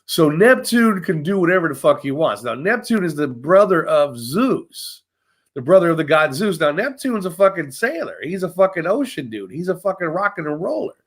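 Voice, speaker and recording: A man's voice: fairly high pitch, moderate pace, slightly rough. A man retelling myths in a casual, rambling chat, swearing constantly. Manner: profane, rambling, animated.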